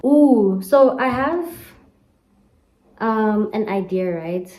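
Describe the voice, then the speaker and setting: A woman's voice: medium pitch, expressive, extremely slow, a little mellow. A young South African woman talking casually to her camera, chatty and dramatic, slangy, laughing often. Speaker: vlogger. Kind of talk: casual vlog talk to camera.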